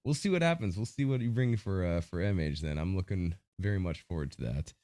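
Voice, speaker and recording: A man hosting a podcast interview over a video call, with an energetic, announcer-like delivery. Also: sits low, fairly quick. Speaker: podcast host. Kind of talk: hype-style interview hosting.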